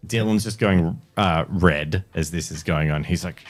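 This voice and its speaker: A man's voice: sits low, a little slow, soft background music. A man running a tabletop game as game master, narrating loosely with plenty of fillers.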